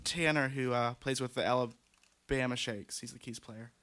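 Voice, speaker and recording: A man's voice: medium pitch, steady tone, moderate pace, a bit bright. A man, a musician guest in a radio studio, telling things in a dry, matter-of-fact way.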